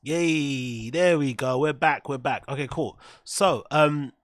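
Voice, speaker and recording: A man's voice: mid-range voice, takes it slowly, no room sound, clean studio sound. Profane, rambling man streaming. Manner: rambling, profane, talks to his viewers. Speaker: streamer host. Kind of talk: casual livestream chat.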